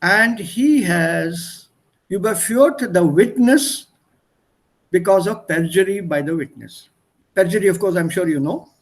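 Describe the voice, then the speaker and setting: A man's voice: sits high, unhurried. A man teaching German in an online one-on-one lesson over a video call, patiently explaining by repeating synonyms. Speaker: German tutor.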